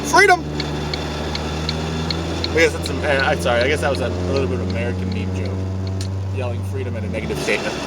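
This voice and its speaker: A man vlogging from his car in a parking lot, ranting sarcastically and swearing, breaking into mocking high yells. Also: steady tone, rapid-fire, very noisy. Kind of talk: casual vlog ranting while driving.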